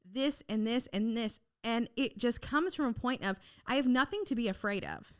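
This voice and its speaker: A woman's voice: on the high side, normal speed. Young woman telling stories animatedly. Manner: animated storyteller who acts out quoted lines; frank, swears casually. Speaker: podcast guest. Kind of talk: casual interview chat.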